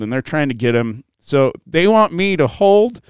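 A man telling a story in casual chat, animated and swearing freely, laughing as he goes. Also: on the high side, normal speed, clean tone, dry recording, studio quality. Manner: animated, profane, laughs through his story.

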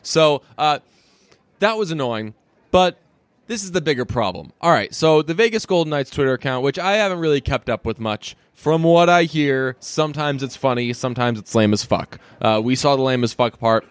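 A man's voice: mid-range voice, lively intonation, normal speed, clean tone, dry recording. A young man with a faint Boston accent rants through a casual sports podcast, cursing often and leaning hard on his points. His voice sits mid-range and sounds close and dry. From Boston area. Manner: profane, ranting, emphatic. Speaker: podcast co-host.

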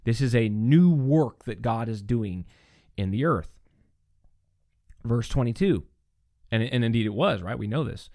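A man's voice: medium pitch, measured pace, pauses often, no echo, studio quality. A man hosting a podcast, teaching on scripture in an earnest conversational way, often restarting his sentences and checking in with "right?". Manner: earnest, animated, frequent restarts and "right?" asides.

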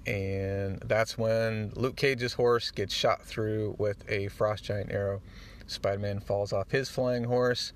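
Low-voiced man recapping a comic. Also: takes it slowly, a little hiss or hum. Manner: animated storyteller, acts out the dialogue; easily moved, gets choked up. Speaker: podcast host. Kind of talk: casual comic-book recap.

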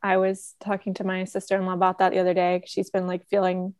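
A woman's voice: lowish voice, fast, smooth, dry recording, studio quality. A woman co-hosting a podcast, chatting casually and supportively. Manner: supportive, relaxed, conversational. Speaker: podcast co-host. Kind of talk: casual chat.

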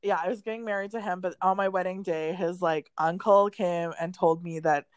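A woman's voice: fairly low pitch, a little fast, dry recording. A young woman co-hosting a podcast, telling a story in a casual way with plenty of "like" and laughter. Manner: animated storytelling with frequent "like" and laughter. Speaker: podcast co-host.

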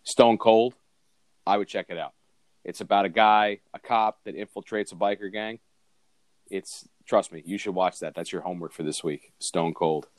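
A man's voice: deep voice, moderate pace, dry recording. A man co-hosting a podcast, chatting in an opinionated way about movies. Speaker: podcast co-host. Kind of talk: casual chat.

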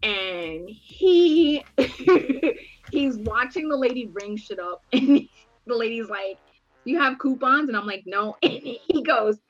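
A woman in her thirties telling a story in casual chat, animated, swearing freely and acting out the dialogue. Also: on the high side, slow, lo-fi sound. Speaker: podcast co-host.

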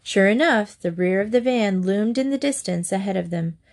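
A woman narrating a children's chapter book in a steady, expressive read-aloud. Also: medium pitch, normal speed.

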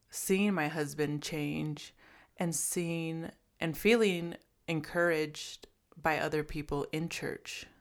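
A woman guest reflecting on her faith in casual conversation, measured and thoughtful. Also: sits low. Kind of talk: casual personal testimony.

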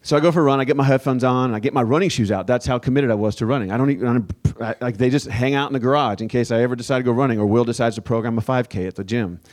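A male pastor preaching a sermon as a relaxed, conversational personal story. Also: mid-range voice, racing, few pauses. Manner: casual, conversational storytelling with fillers.

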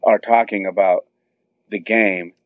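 Excited storyteller man on a phone line. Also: unhurried, dry recording. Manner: excited, acts out quotes with high squeals. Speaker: guest telling a story. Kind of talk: animated storytelling. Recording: tinny phone-line sound.

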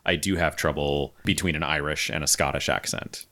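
Casting: American male host, low voice, friendly and curious. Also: steady tone, normal speed, sharp tone. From United States. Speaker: podcast host. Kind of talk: casual podcast chat.

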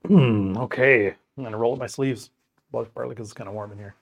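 A man with a gravelly, medium-pitched voice and fairly even intonation prays and reads scripture aloud as co-host of a scripture podcast. He reflects in an earnest, thoughtful way, with pauses and restarts.

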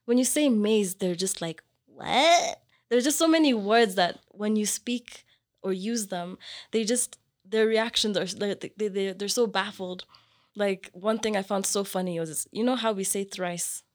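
A young woman from Kenya talks in a relaxed podcast conversation, her voice sitting at an ordinary middle pitch. She laughs easily and slips into quick imitations of other people's puzzled reactions while telling her stories. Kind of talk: casual chat.

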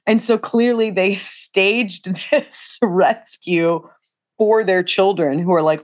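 A young woman talks through a film with a co-host, her voice sitting a little low. She retells scenes in a chatty, animated way and acts out bits of dialogue as she goes. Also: measured pace. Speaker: podcast co-host. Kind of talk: casual film discussion.

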